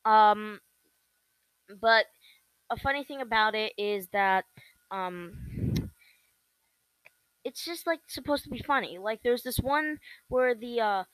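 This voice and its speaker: A young woman talks on her solo podcast in a loose, rambling way, stopping and restarting often and filling pauses with ums. Her voice is recorded dry and close, with no room sound around it. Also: a little high, a bit bright, clean tone, no echo, low-quality recording. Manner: rambling, halting with many fillers and restarts. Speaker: podcast host. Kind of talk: casual solo podcast chat.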